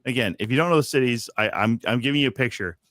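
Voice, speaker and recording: A man rants in loose, profane chat, his voice mid-pitched and close to the mic. The sound is dry and direct, with no room around it. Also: fast talker, fairly bright tone, no room sound. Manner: ranting, heavy swearing. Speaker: podcast co-host. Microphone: video call.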